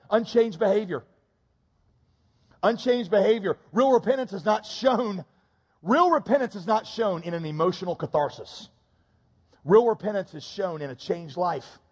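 A man preaches with a husky, somewhat high voice, leaning in softly and slowly before climbing into loud, pressing emphasis. His sermon rings out with a long hall reverb around it. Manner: shifts from hushed, slow intimacy to loud, rising urgency. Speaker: pastor.

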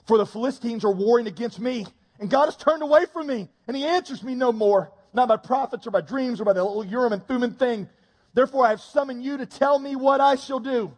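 A man's voice: very high voice, fairly quick, in a large hall. A man voicing a desperate, sheepish king apologizing in a comic sermon retelling.

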